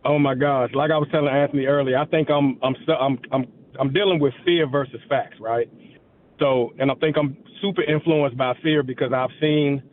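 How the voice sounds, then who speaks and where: A middle-aged man calling into a radio show, talking in an animated, emphatic way. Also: mid-range voice, normal speed, slight background noise. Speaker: caller. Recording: tinny phone line.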